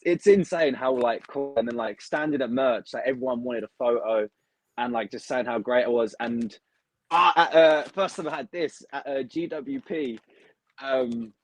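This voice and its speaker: A young man from the UK, a wrestler talking casually and excitedly in an interview, with lots of "like" fillers. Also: medium pitch, low-quality recording. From United Kingdom. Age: young adult. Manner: chatty, excitable, heavy use of "like". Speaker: wrestler, guest.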